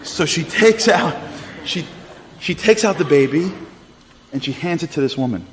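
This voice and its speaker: A man telling a story to an audience in a lively, repetitive way, often asking the audience questions. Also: on the high side, moderate pace, a faint crowd. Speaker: speaker. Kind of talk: animated storytelling talk. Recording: reverberant hall, faint noise.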